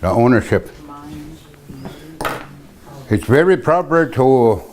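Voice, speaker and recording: An older man teaching words of his language in a casual, hesitant way, repeating terms slowly with many pauses. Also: medium pitch, sing-song, a little mellow, a little hiss or hum. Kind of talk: teaching vocabulary, casual and halting.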